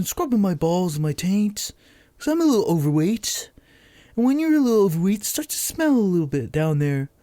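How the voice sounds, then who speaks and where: A man's voice: high voice, dark tone, no echo, voice pushed up. A man doing an impression of a boastful, rambling older male politician. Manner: boastful, rambling, self-satisfied.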